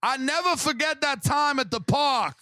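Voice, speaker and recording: A man's voice: extremely high pitch, lively intonation, moderate pace, bright, forceful tone, dry recording, pitched above the performer's own voice, heavily acted. A man putting on a young woman who fakes a Spanish accent, sing-song and overly sentimental. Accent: put-on Spanish accent.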